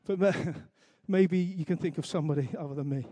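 A man preaching a sermon, earnest, reciting scripture slowly and emphatically, with light asides to the congregation. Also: on the high side, mellow, no echo. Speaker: pastor.

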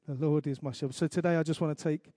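Earnest man preaching, slightly high voice. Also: fairly even intonation, warm tone, no room sound, studio quality. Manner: earnest preaching with slow emphatic recitation and light jokes. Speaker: pastor. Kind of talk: sermon.

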